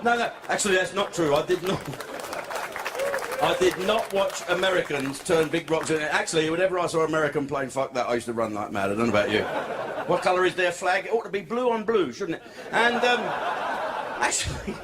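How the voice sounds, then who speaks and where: A man's voice: fairly high pitch, animated, brisk. A man doing a crude, profane stand-up comedy set in a comedy club. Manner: crude, profane, swearing constantly. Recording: noisy club recording.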